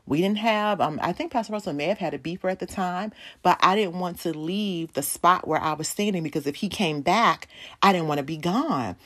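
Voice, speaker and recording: Low-voiced woman preaching a testimony. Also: a little fast, fairly bright tone. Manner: storytelling, addresses the congregation as y'all. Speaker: pastor's wife preaching. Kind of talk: sermon testimony.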